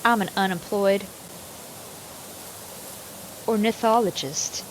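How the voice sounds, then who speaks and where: A woman's voice: mid-range voice, slow, slight background noise, close to an everyday voice, rough recording. A woman voicing a brash 38-year-old Southern housewife in a put-on Southern drawl, reading her lines like a playful storybook. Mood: boastful.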